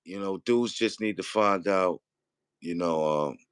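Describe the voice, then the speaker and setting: A man's voice: low voice, a little slow, smooth, dry recording. Guy rambling his theory in a casual debate, keeps asking you feel me, dry sound. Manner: rambling, repeats "you feel what I'm saying".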